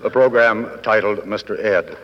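A man in his fifties giving a formal convention speech with dry wit and measured, deliberate pauses. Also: on the low side, a little hiss or hum. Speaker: guest speaker at a convention. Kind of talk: formal after-dinner speech. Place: large hotel ballroom. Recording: old 1960s broadcast recording, dull, with long hall reverb.

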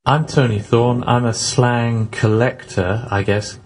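A man's voice: mid-range voice, fairly even intonation, slow pace, husky. A man, a university slang researcher, explaining thoughtfully in an interview in his office. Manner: thoughtful, academic.

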